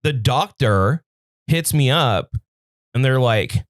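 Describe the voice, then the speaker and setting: A young adult man co-hosting a comedy podcast, telling a long story with deadpan setups in casual chat. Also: medium pitch, slow, no room sound, studio quality. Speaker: podcast co-host.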